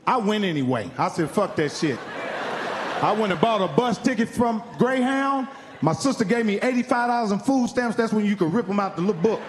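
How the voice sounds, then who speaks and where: A middle-aged man from Indiana telling profane stand-up stories with animated, acted-out quotes on a comedy club stage. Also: high voice, a little hiss or hum. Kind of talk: stand-up storytelling. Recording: live club sound with hall reverb.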